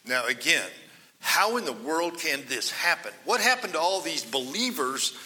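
A man preaching a Bible-teaching sermon, acting out quoted cries loudly, then dropping to hushed asides. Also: fairly high pitch, big pitch swings, normal speed. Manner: dramatic, swings between loud quoted cries and hushed asides. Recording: long hall reverb.

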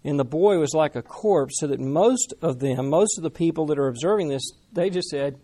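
A man preaching a sermon in a conversational, animated way, talking with the congregation. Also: a little high, normal speed, hardly any pauses. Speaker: pastor.

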